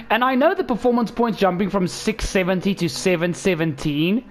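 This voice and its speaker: A man hosting a gaming channel, giving a casual racing game car review in an excitable, rambling way with lots of self-corrections. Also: high-pitched, normal speed, a little hiss or hum.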